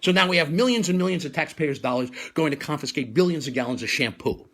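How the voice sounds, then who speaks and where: New comedian guy doing his bit, punchy delivery, bright sharp voice. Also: on the high side, expressive, fast talker. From New York. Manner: punchy joke delivery, laughing at own lines. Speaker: comedian host. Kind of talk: stand-up routine on a live stream.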